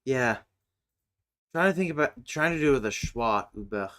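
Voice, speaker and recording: A man streaming casually, thinking aloud as he works, muttering and humming to himself with many hesitant pauses. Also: a little high, lively intonation, bright, forceful tone, clean tone. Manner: mutters and hums to himself while working; slow, hesitant, with many fillers.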